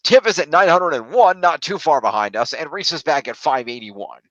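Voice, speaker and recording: A man chatting on a podcast, tallying points and ribbing his co-host with dry sarcasm. His pitch swings widely as he talks. The sound is dry and a little muffled. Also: animated, normal speed, fairly bright tone, dry recording. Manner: dry sarcastic, reads out scores. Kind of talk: casual chat.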